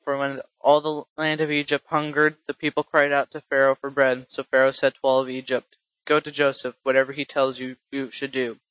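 A man reading scripture aloud in a halting way, often restarting and correcting himself. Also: mid-range voice, completely flat delivery, a bit bright, clean tone, no room sound, muffled recording. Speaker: scripture reader.

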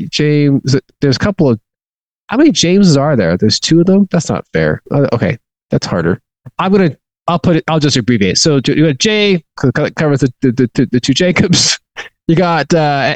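A man teaching a Bible study in an informal, chatty way, halting with frequent restarts and chuckles. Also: fairly high pitch, dry recording, low-quality recording.

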